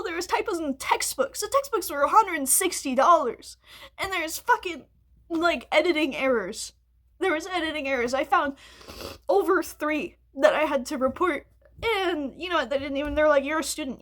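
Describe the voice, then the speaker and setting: A woman's voice: high-pitched, brisk, a bit bright. A woman, venting in a rambling, frustrated monologue full of swearing. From United States. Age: early 20s. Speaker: vlogger.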